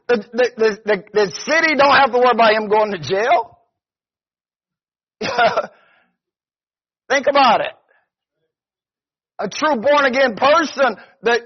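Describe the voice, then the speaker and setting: A man's voice: very high voice, husky. A man preaching a conversational sermon as pastor, often stopping to ask "see?". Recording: dull lo-fi recording.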